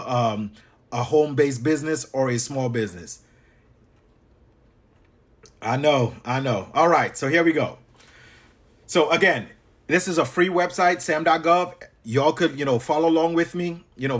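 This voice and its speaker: A man coaching live on a livestream, casual and chatty, talking to viewers by name and repeating himself. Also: on the high side. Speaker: business coach. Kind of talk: livestream tutorial.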